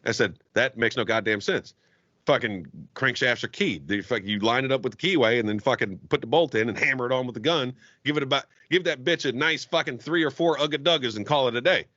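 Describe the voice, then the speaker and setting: A man rants through a shop story in casual podcast chat, swearing freely. His voice is bright and forceful. The audio is dull and dry, with no room sound. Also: mid-range voice, brisk, no echo. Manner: heavily profane, animated ranting. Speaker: podcast guest, auto technician.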